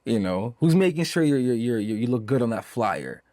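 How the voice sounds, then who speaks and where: Here the speaker is a man from Zambia in his twenties, a musician being interviewed casually; he's emphatic, repetitive and full of "you know". His warm, mid-range voice is animated and moderately paced, and the studio sound is clean with no echo.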